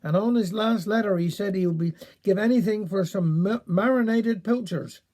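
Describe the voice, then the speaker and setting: A man's voice: sits high, normal speed, a little mellow. A man with a Cornish accent voicing a fussy village woman who chatters breathlessly, in a spoken story. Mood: fussing. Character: fussy village wife with pickled fish.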